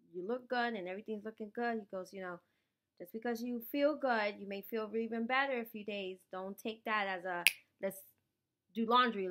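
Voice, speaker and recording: A woman, vlogging at home after surgery, tired and sore, emotional and apologetic as she rambles. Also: medium pitch. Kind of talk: casual personal vlog.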